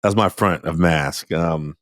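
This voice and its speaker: A man's voice: low voice, a little slow, fairly bright tone, dry recording. A man talks casually as a podcast host and teacher. He acts out his own remarks to students, and the sound is close and dry with no room around it. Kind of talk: casual conversational reflection.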